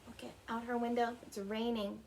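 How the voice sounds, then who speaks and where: A woman's voice: a little high, little pitch movement, moderate pace, a little mellow, a little hiss or hum. A woman reading a picture book aloud to young children at home, stopping to ask them questions and imitate animal sounds. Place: her home.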